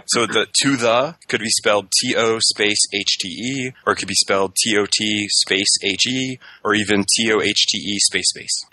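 A man co-hosting a comedy podcast about language, making deadpan predictions in a matter-of-fact way. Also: on the low side, normal speed, hardly any pauses, slight background noise, low-quality recording. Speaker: podcast co-host.

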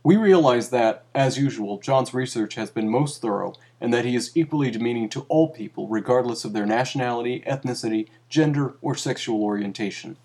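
A man's voice: medium pitch, fairly quick, hardly any pauses, a little mellow, breathy edge. Mock-serious male reader. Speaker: reader of an editor's note. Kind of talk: scripted comic reading.

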